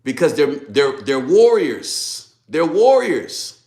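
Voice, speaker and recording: A man's voice: a little high, lively intonation, moderate pace, fairly bright tone, echoey room. A man voicing a blunt army commander who pleads insistently with his king. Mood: urging.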